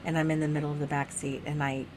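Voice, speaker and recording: Middle-aged woman podcast co-host, chatty, expressive storyteller, laughs a lot, casual swearing. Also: deep voice, fast talker, soft background music. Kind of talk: casual chat.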